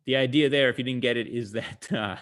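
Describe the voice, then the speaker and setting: A man's voice: mid-range voice, fairly quick, a bit bright. A male comedian casually telling jokes and stories over a video call, with frequent fillers, stopping to explain his punchlines.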